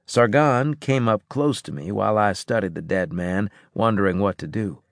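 A man reading a first-person science fiction audiobook in a gruff, clipped way. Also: lowish voice, normal speed, dry recording, clean studio sound. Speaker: audiobook narrator.

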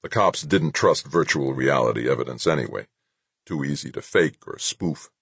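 A male audiobook narrator with a very deep, husky voice, reading steadily. The recording is close and completely dry. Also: expressive, moderate pace, fairly bright tone, no room sound. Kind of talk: scripted narration.

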